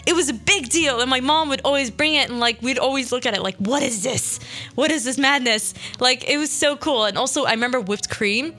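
Young woman radio host rambling on, kinda high bright voice, soft music underneath. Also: fast talker, hardly any pauses. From United States. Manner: chatty, tangent-prone, emphatic. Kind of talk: casual solo chat.

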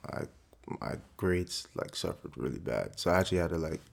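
A young man in his twenties, a guest actor, telling his story in a relaxed, casual way with lots of fillers. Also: sits low, fairly quick, vocal fry. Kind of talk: casual interview conversation.

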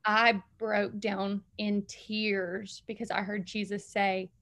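A woman's voice: mid-range voice, level tone, slow pace, fairly bright tone. A woman, a guest on an interview show, telling a heartfelt faith testimony in an earnest, emotional way, full of "like" and "um". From Alabama, US. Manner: earnest, emotional storytelling with frequent "like" and "um".

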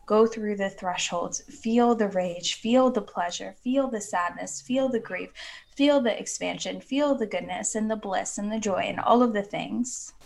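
A woman's voice: mid-range voice, unhurried, gravelly, a little mellow. A woman talking earnestly and at length as a guest on a podcast, with many fillers. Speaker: podcast guest, women's coach. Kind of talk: casual podcast chat.

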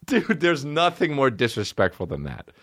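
A young man chats on a comedy podcast, his pitch swinging widely as he jumps from disbelief to mockery. He reads strangers' personal ads aloud and tears into them in crude, incredulous asides. The sound is dry and close, with almost no room in it. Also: wildly swooping pitch, normal speed, a bit bright, no room sound. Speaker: podcast co-host. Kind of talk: casual comedy podcast chat.

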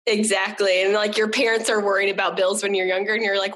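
A woman's voice: medium pitch, flat delivery, a bit bright, rough recording. A young woman guesting on a podcast, agreeing often and chatting casually. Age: young adult. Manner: agreeable listener, quick affirmations. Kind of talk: casual chat.

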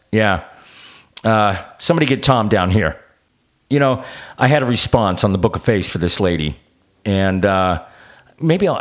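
A man hosting a podcast, delivering a combative, sarcastic rant with plenty of swearing. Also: on the low side. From United States. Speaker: podcast host. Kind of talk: ranting podcast monologue.

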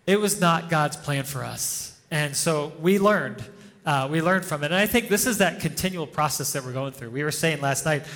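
A man's voice: on the high side, expressive, moderate pace, fairly bright tone. A male pastor preaching an informal, conversational sermon, telling stories and chuckling often. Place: church hall before a congregation. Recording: long reverb of a church hall.

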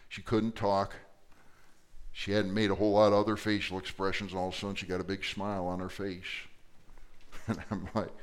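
A middle-aged male pastor preaching a sermon, moving from quiet storytelling to loud, emphatic passages. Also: deep voice, little pitch movement, normal speed, clear, resonant tone.

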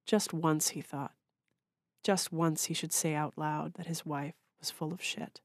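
Reading one of her own short stories, a female author keeps a measured, literary delivery with fairly even intonation. The voice is low, captured dry and close without any room sound.

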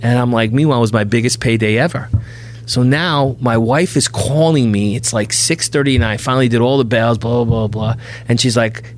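A man's voice: mid-range voice, brisk, slight background noise. A middle-aged bail bondsman tells his stories on a podcast. His voice sits in the ordinary middle range for a man. He acts out each character's dialogue with gusto. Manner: animated anecdote teller, acts out dialogue. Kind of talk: podcast storytelling.

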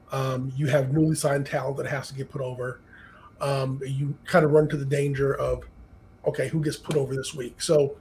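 Brief: man, gravelly mid-pitched voice, measured podcast co-host, faint noise behind. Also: darkish tone, poor audio. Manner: measured, thinking aloud with many "um"s. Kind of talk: casual wrestling podcast chat.

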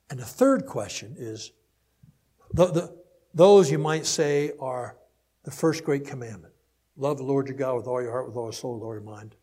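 A man preaching a counseling-focused sermon to a live audience, swinging between emphatic peaks and quiet asides, then leading a prayer. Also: mid-range voice, moderate pace, pauses often, slightly rough. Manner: animated, rising to emphatic peaks and dropping to soft asides. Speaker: pastor. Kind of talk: sermon teaching ending in prayer.

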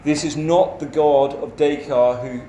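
Slow, echoey male preacher. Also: fairly high pitch, fairly even intonation, mellow, a little hiss or hum. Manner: measured, emphatic delivery with rhetorical questions. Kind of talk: sermon. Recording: echoey church hall with faint ambience.

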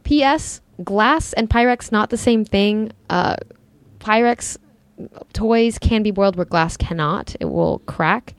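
A woman's voice: mid-range voice, slow pace, no echo. A woman co-hosting a casual podcast, chatty and informative, giving practical product advice. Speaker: podcast co-host, sex-toy educator. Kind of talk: casual chat.

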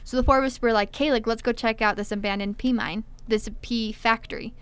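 A young woman telling a story in casual chat, animated, acting out quotes and saying "like" a lot. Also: a little high, brisk, smooth. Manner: animated, acts out quotes, heavy filler "like". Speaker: storyteller guest.

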